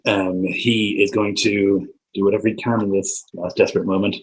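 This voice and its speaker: A man's voice: on the low side, little pitch movement, moderate pace, slight background noise, poor audio. A man narrating as dungeon master of a tabletop game, loose and hesitant, full of ums and likes.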